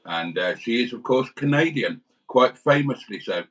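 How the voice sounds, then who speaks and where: A man's voice: medium pitch, animated, moderate pace, fairly bright tone, far from the mic, low-quality recording. A British man hosting a livestream, rambling through anecdotes and calling his viewers darlings. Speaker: livestream host. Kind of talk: casual livestream chat.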